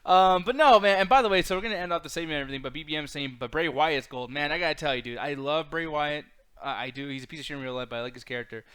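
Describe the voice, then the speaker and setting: A man's voice: on the high side, rapid-fire, fairly bright tone, clean tone. A man co-hosting a casual pop-culture podcast, emphatic and swearing freely, reading chat comments aloud. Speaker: podcast co-host.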